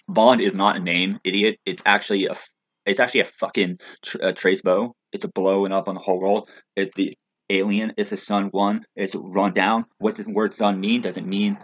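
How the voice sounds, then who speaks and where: A man in a rambling, profane monologue rant, stammering and restarting, with heated loud outbursts. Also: lowish voice. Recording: dull lo-fi recording.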